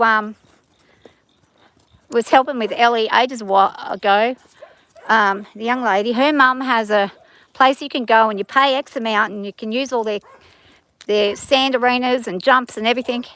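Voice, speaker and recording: A woman's voice: fairly high pitch, fairly bright tone. Australian woman calling commands to a horse. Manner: chatty, short called commands to the horse. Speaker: horse owner lunging her horse. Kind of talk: casual vlog with calls to a horse. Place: outdoor riding area.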